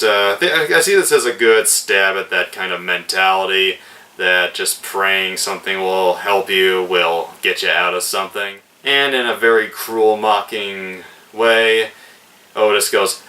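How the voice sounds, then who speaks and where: A man's voice: fairly low pitch, sharp tone, far from the mic, rough recording. A man casually reviewing a film, retelling scenes in a loose, rambling way with lots of "like".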